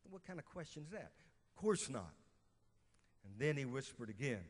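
A man's voice: medium pitch, lively intonation, brisk. A middle-aged pastor from Louisiana preaching a sermon and quizzing his congregation as he reads scripture. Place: church sanctuary. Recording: reverberant church hall.

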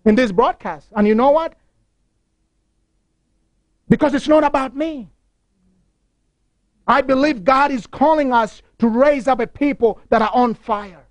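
A man's voice: very high-pitched, unhurried, long pauses, dry recording. A man preaching a broadcast sermon, telling stories with passion and repeating key phrases. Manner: impassioned storytelling with repeated phrases.

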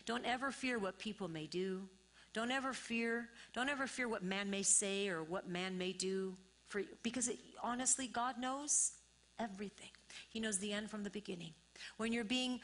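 A woman's voice: mid-range voice, fairly bright tone. A woman pastor preaching a sermon, repeating phrases and building to emphatic, rising bursts.

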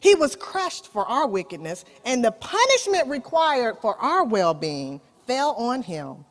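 A woman preaching a sermon. She calls for amens, uses folksy asides and swings from loud declarations to soft, drawn-out lines. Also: a little high, sing-song.

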